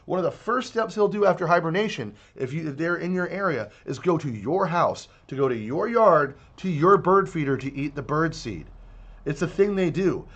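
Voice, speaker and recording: A man's voice: fairly high pitch, animated, normal speed, fairly bright tone, dull audio. A man giving a heated, profane video commentary rant, sounding exasperated. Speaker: online commentator.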